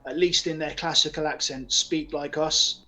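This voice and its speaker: An English man from the West Country speaks with a flattened version of his local accent. His voice sits a little high, and he slows down to explain points in a relaxed online conversation. Faint music plays behind him. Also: low-quality recording. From West Country, England. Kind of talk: casual video-call chat.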